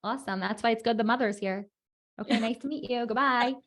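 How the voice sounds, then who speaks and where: A woman's voice: a little high, quick pace. Playful woman teacher on a video call. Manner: playful, encouraging, chatty. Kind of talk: casual group chat with children.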